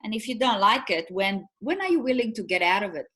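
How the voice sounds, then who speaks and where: A woman's voice: mid-range voice, lively intonation, brisk, sharp tone. Chatty woman co-host telling stories. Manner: chatty storytelling with fillers and restarts. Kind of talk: casual chat.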